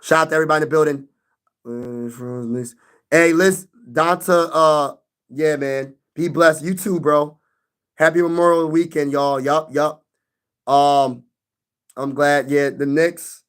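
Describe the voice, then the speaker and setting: Young man, slangy live-stream banter, sports venting, fairly high voice. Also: flat delivery, a little slow, a bit bright, smooth. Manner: loose slang-heavy banter, talks back to chat.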